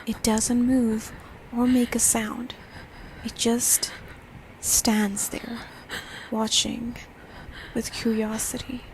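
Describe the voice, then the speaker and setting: A woman narrating a scripted horror story, often dropping to a hushed, slow, whispery delivery. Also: fairly high pitch, little pitch movement, slight background noise. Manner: hushed, slowing to whispery dread.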